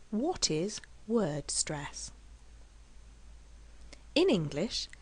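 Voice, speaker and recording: A woman with a low voice teaches an English lesson at a slow, unhurried pace. She enunciates carefully and deliberately, leaning hard on stressed syllables. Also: slightly rough. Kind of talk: scripted lesson delivery.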